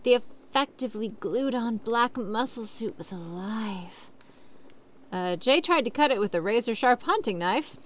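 A woman's voice: on the high side, expressive, a little slow. A young woman reading a story aloud and breaking off into sarcastic, swearing rants about it. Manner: sarcastic, swears freely, rants loudly in bursts. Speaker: online reader and commentator.

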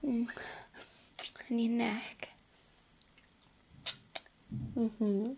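A woman with a Scouse accent in a playful, intimate whispered role-play, murmuring and laughing softly. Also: fairly high pitch, slow pace, a little hiss or hum. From England. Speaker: audio role-play performer.

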